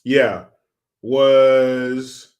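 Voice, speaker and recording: A man's voice: mid-range voice, level tone, extremely slow, darkish tone. A middle-aged man hosting a casual livestream, reading viewer comments in a loose, joking, sometimes profane way. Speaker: livestream host.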